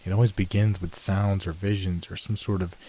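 A man's voice: sits low, flat delivery, a little fast, warm tone, a little hiss or hum, close to an everyday voice. A man voicing a shaken young student. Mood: anxious. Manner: urgent, raised and pleading. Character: anxious young male student, earnest and shaken.

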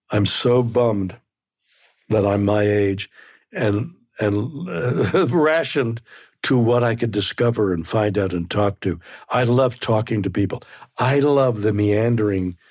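Old guy in his 90s, husky lowish voice, stops and restarts a lot, meanders. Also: darkish tone, no echo, clean studio sound. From Canada. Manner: halting, repeats words, meandering. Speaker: interview guest. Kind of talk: reflective conversation.

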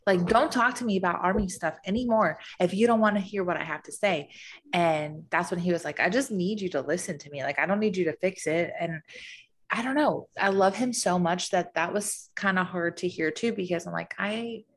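A woman chatting candidly as a podcast co-host and military spouse, telling stories with quick asides. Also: lowish voice. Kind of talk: casual chat.

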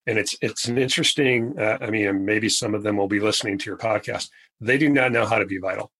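Male podcast guest, surgeon, husky tone, emphatic and repetitive with key phrases. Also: fairly low pitch, fairly bright tone, low-quality recording. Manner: emphatic, repeats catchphrases slowly for stress. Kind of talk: conversational podcast interview.

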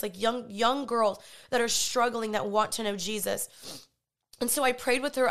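A woman giving a personal faith testimony, retelling a conversation in an animated, earnest way and often quoting herself. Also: on the high side. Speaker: Christian vlogger and podcaster.

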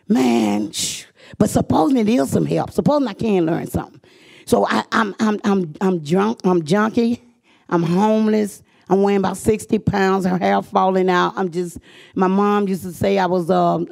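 A woman's voice: fairly low pitch, vocal fry, a little mellow. A middle-aged woman, telling her own life story to a live audience in an earnest, emphatic way, repeating phrases for weight.

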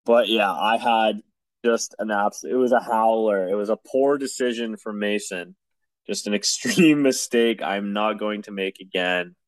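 A man's voice: lowish voice, a little slow, no room sound. Fed-up man ranting, lots of swearing. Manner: exasperated, swears a lot, rambling with restarts. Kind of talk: casual storytelling chat.

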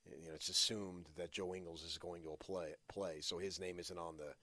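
Deep-voiced man talking sports on radio. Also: steady tone, moderate pace, sharp tone, dry recording. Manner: opinionated, emphatic, many "uh" fillers. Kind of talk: casual sports talk.

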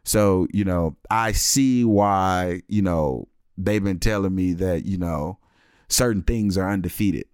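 A man's voice: sits low, slow pace, clean tone, no echo, clean studio sound. A man in his thirties telling a comic story in casual chat and acting out the other people in it. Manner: animated, acts out other people's lines.

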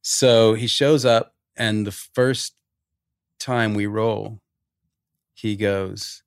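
A man's voice: on the low side, fairly even intonation, takes it slowly, clean tone, no echo, studio quality. A man in his forties, a podcast guest, telling stories animatedly in casual chat and swearing freely. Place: podcast studio.

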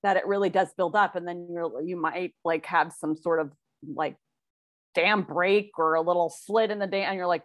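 A woman co-hosting a casual podcast, thinking aloud in a soft, reflective way with many fillers. Her voice sits a little low, and the sound is close and dry. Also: steady tone, moderate pace, dry recording. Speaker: podcast co-host.

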